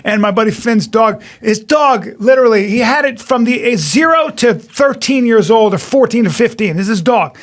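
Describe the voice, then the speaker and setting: A man chatting as a podcast guest, telling animated stories that turn loud at the punchlines. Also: extremely high pitch, moderate pace, few pauses, no room sound, studio quality. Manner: animated storyteller, gets loud in anecdotes. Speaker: guest comedian. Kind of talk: casual podcast chat.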